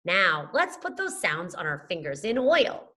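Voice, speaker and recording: A woman's voice: fairly low pitch, sing-song, a little slow, sharp tone. A woman teacher leading a phonics lesson for young children, chanting letters and sounds and praising the class. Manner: sing-song chanting of letters and sounds, encouraging.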